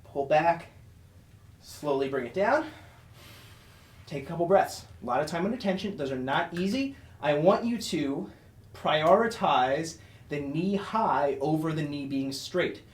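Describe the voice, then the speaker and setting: A man's voice: on the high side, lively intonation, a little slow, reverberant, recorded from a distance. A man coaching a follow-along workout with short, encouraging cues, out of breath as he exercises along. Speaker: fitness instructor.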